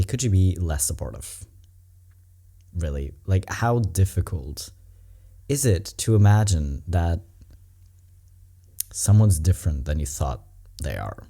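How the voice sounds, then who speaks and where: Casting: reaction vlogger, mellow low voice, candid, rambling, emotional. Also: lively intonation, slow pace, pauses often. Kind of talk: casual reaction commentary.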